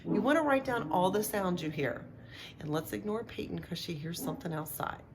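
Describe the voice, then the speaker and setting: A middle-aged woman teaching a remote phonics lesson to young children, speaking slowly and clearly with encouraging sound-outs. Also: fairly low pitch, expressive, background noise. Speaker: kindergarten teacher.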